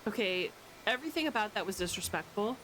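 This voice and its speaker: A young adult woman streaming a video game with loud, playful, swearing commentary and frequent yells at the game. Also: medium pitch, animated, fast talker, a little hiss or hum. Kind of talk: casual gameplay commentary.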